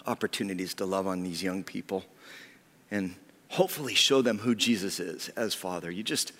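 A pastor delivers a personal sermon, speaking from the heart and often sinking to a near whisper. His voice sits on the lower side. A long reverb from the church hall hangs on every phrase. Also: moderate pace, fairly bright tone. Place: church sanctuary.

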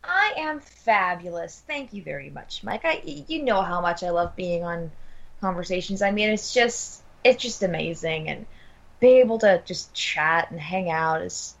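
A woman's voice: on the low side, expressive, normal speed, vocal fry. A woman co-hosting a podcast, enthusiastic and gushing in casual chat. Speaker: podcast co-host.

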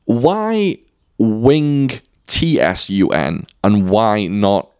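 A man interviews a martial arts teacher, feeling his way through tentative, self-deprecating questions full of fillers. His pitch swings up and down in a lively way. The recording is dry and close. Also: extremely slow, clear, resonant tone, no room sound.

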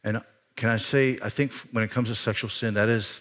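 Man, pastor, sermon, bright tense tone, conversational, swells for emphasis, church mic. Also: on the low side, fairly even intonation, a little fast. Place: church sanctuary.

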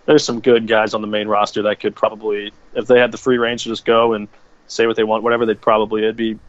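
A man's voice: lowish voice, level tone, fast talker, dry recording, muffled recording. A man co-hosting a casual wrestling chat podcast over a remote call, laid-back and swearing freely. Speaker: podcast co-host.

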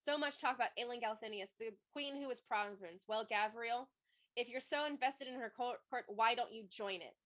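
A woman's voice: a little high, brisk, fairly bright tone, close to an everyday voice. A woman reading as a cold ancient Fae queen. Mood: cold, mocking.

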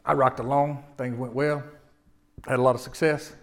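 A man in his forties preaching a sermon, moving from quiet personal storytelling to loud, impassioned exhortation. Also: medium pitch, level tone, moderate pace. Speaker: pastor.

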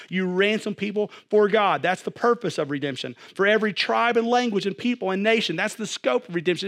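Young pastor, slightly high voice, animated, swings from loud to hushed. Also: male voice. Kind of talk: sermon.

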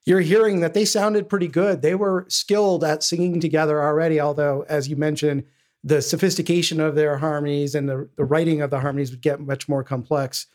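A man's voice: a little high, flat delivery, fairly quick, a little mellow. A man co-hosting a podcast, guiding the talk through a band's history and introducing songs. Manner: steers the episode, introduces songs. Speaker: podcast co-host. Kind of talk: casual music discussion.

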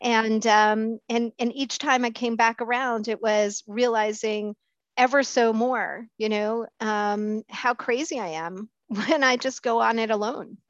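A middle-aged woman giving a candid, self-mocking recovery talk, pausing often with fillers and restarts. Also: fairly high pitch, fairly even intonation, no room sound. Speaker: speaker sharing at a recovery meeting. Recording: dull, dry lo-fi sound.

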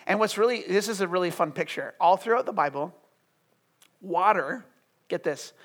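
A man preaching a sermon with passion, dropping to a hush and then rising loud. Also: high voice, lively intonation, fast. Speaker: pastor.

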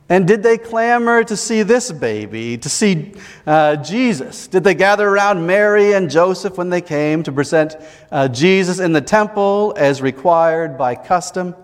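A male pastor preaching a sermon in a measured, reflective way, with deliberate pauses. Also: sits high, big-room sound.

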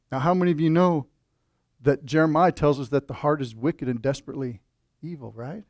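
Male preacher, conversational sermon delivery with rhetorical questions, slightly raised pitch, dry close recording. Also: normal speed, no room sound. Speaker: pastor.

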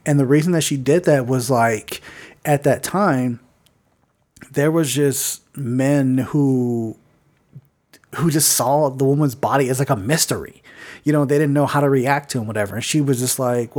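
A man's voice: medium pitch, normal speed, darkish tone. Loose, profane male podcast co-host. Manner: loose, profane, heavy use of "like" fillers, laughs often. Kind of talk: casual movie review chat.

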